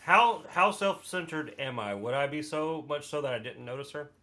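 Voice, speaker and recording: A man's voice: a little high, expressive, normal speed, sharp tone. Joking male tabletop player. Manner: joking, self-mocking. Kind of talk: casual tabletop play.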